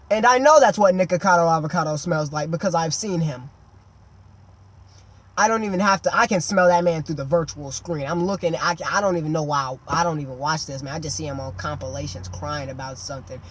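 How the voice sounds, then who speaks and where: A woman telling a comedic storytime monologue in a slangy, dramatic way, breaking into exaggerated yelps. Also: lowish voice.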